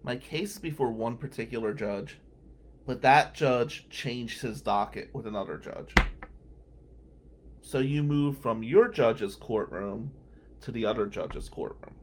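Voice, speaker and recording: A man's voice: medium pitch, expressive, a little slow, slight background noise. A man hosting a podcast, a lawyer telling wry, incredulous stories from his working day. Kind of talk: storytelling monologue.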